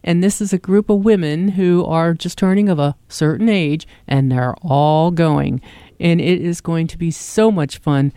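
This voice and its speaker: A woman's voice: fairly low pitch, measured pace, mellow, clear, resonant tone, dry recording. A woman with a South Jersey accent hosting a radio travel segment in an enthusiastic, chatty way. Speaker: radio show host, travel agent. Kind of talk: casual radio chat.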